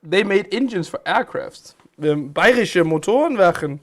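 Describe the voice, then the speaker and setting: A man's voice: high-pitched, lively intonation, moderate pace, few pauses. A man hosting a game live stream, chatting casually as he plays, with a chatty, rambling manner. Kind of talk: casual live-stream chat while playing games.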